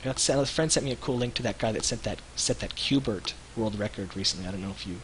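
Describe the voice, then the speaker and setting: A man in his thirties, co-hosting a livestream, telling rambling animated stories with lots of restarts. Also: fairly low pitch, quick pace, noisy background. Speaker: web show co-host. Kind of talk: casual livestream chat.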